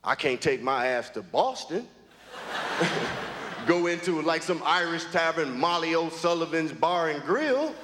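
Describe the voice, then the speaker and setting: Male stand-up comic, slightly high voice, drawling delivery, live hall reverb and crowd noise. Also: animated, measured pace. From United States. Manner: drawling, hesitant with fillers. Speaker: stand-up comedian. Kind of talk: stand-up comedy set. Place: comedy club stage, live audience.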